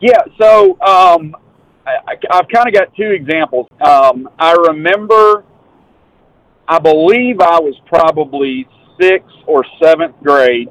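A man's voice: fairly high pitch, very animated, slow, fairly bright tone, no room sound, poor audio. Easygoing man on speakerphone from a car. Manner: easygoing, hesitant with fillers. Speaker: guest, father of two. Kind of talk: casual phone interview.

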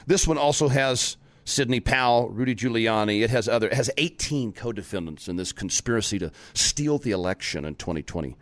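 A man hosting a talk show with a sarcastic, animated delivery. His pitch is right in the middle for a man, and his voice jumps into emphatic bursts. The sound is dry and close, with no room echo. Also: a little fast, few pauses. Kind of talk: political talk show monologue.

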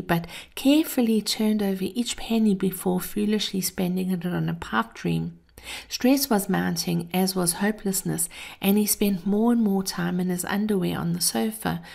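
A woman hosting a scripted motivational talk, speaking in a measured, earnest way and addressing listeners fondly. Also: mid-range voice, vocal fry, darkish tone. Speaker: host.

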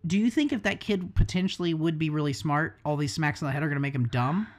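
Rambling, foul-mouthed young tattoo artist in loose podcast talk. The voice sits at an everyday middle pitch and hops between tangents with wry asides. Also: fast. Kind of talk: casual podcast chat.

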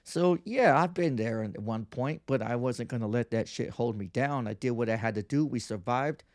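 A man's voice: medium pitch, moderate pace, no room sound, studio quality. A man in his thirties hosting a podcast, ranting in a brash, profane, mocking way and mimicking others in whiny voices. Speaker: podcast host. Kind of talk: casual monologue.

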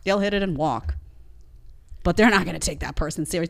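A woman's voice: lowish voice, brisk, vocal fry, long pauses. A woman hosting a live show, reacting to clips with indignant, mocking commentary. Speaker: host. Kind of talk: opinionated live-stream commentary.

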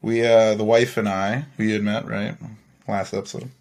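A man's voice: fairly low pitch, little pitch movement, normal speed, a little mellow. A young man hosting a podcast, telling a story in a chatty way, laughing often and swearing freely. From Canada. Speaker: podcast host. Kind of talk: casual storytelling.

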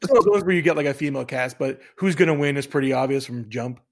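A man co-hosting a podcast in casual chat, eager about what he is discussing. He talks quickly. His voice sits at an ordinary middle pitch. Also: gravelly. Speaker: podcast co-host.

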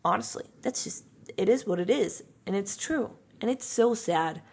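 A woman's voice: medium pitch, lively intonation, moderate pace, gravelly, husky. A young woman hosting a casual podcast, sharing strong opinions in a chatty way with lots of filler words. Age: young adult. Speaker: podcast host.

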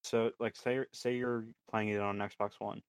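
A man co-hosting a podcast in casual chat, with dry, terse, deadpan remarks. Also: on the low side, a little slow, clear, resonant tone, no room sound. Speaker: podcast co-host.

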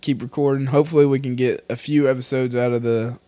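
A man's voice: mid-range voice, fairly even intonation, fast talker, warm tone, no echo. A man co-hosting a podcast in casual chat, loose and joking, swearing freely and laughing often. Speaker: podcast co-host.

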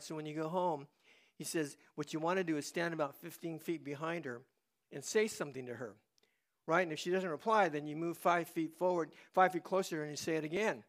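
An older man preaching a sermon as a pastor. His delivery is dramatic, moving from hushed confession to loud shouts. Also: on the high side, steady tone, a little fast. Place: church.

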